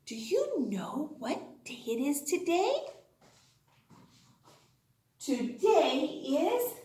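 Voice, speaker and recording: A high, very lively woman's voice takes a young class through its lesson at a very slow pace, in sing-song phrases with every sound spelled out. She prompts and praises like a kindergarten teacher. The room around her is noticeably echoey. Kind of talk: online class for young children.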